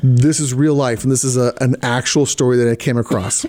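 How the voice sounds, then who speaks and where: A man co-hosting a marriage podcast with his wife, sick with covid and coughing, chatting in a relaxed, playful way. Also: medium pitch, a little fast. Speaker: podcast co-host. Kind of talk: casual chat.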